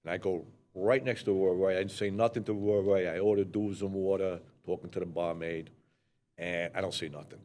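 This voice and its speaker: A man's voice: low voice, steady tone, a little fast, darkish tone, a little hiss or hum. An older man with a New York accent, telling a rambling street story in blunt, profane casual conversation. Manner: blunt, rambling, swears freely. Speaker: co-host telling stories.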